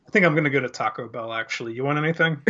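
A man's voice: mid-range voice, sharp tone. A man co-hosting a podcast in casual chat, playful and wry. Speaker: podcast co-host.

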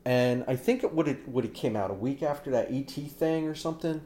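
A man chatting casually about movies as a podcast co-host, telling stories with lively acted-out reactions. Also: medium pitch, brisk. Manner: animated storyteller, acts out reactions loudly. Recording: roomy echo.

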